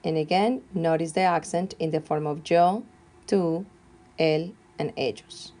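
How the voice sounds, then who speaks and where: Woman, language teacher, slow careful delivery, lowish voice, grammar lesson. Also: dark tone. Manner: slow, careful dictation of verb forms. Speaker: Spanish teacher.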